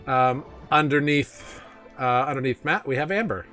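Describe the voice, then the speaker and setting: A man running a tabletop game stream as its host, talking in a relaxed, casual way with many fillers. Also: medium pitch, moderate pace, soft background music. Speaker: game master.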